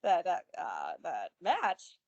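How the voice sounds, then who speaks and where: A woman co-hosts a casual wrestling podcast. Her voice moves widely in pitch, and she chats in an animated way, often laughing and trailing off mid-thought. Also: slow pace, dull audio. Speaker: podcast co-host.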